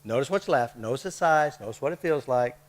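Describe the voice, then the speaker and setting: A man's voice: mid-range voice, animated, brisk. A man leading a live workshop, coaxing the group with short repeated prompts and checks. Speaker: workshop leader.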